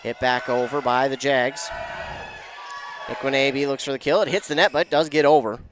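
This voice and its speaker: A man giving excitable play-by-play commentary on a high school volleyball match, shouting on big plays. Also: moderate pace, noisy background.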